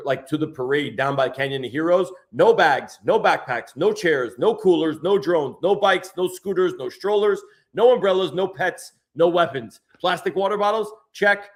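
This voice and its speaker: Male podcast host, casual and hyped, slangy, a bit higher-pitched than most. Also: normal speed, hardly any pauses. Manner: excitable, slangy, says "bro" a lot. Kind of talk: casual chat.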